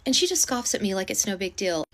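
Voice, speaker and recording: A woman casually telling a storytime at home, animated and indignant, acting out what others said. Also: medium pitch, fast talker. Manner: animated, indignant retelling with acted-out quotes; speaking quietly to avoid disturbing a neighbor.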